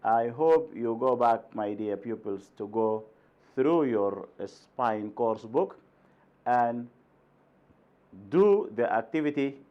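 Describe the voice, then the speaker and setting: A man's voice: mid-range voice, expressive, takes it slowly, lo-fi sound. A man from Sudan, a native Arabic speaker, teaching an English lesson, repeating words with strong stress and often asking "right?". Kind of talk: recorded classroom lesson.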